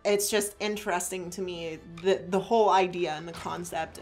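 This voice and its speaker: A woman's voice: fairly low pitch, steady tone, normal speed, a little mellow, faint music behind. A woman chatting casually while playing a video game, rambling through her thoughts, laughing often and swearing. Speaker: let's play co-host. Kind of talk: casual gaming chat.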